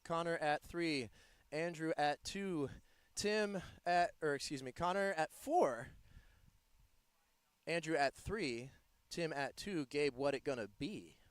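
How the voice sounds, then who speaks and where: A man from the United States giving live play-by-play commentary in a playful, joking, excitable manner. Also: a little high, takes it slowly, smooth, dry recording. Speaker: sports commentator.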